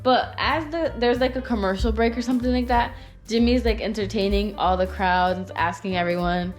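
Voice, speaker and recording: A young woman vlogger telling a story, animated and expressive, swearing casually. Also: a little high, brisk, soft background music. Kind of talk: story time vlog.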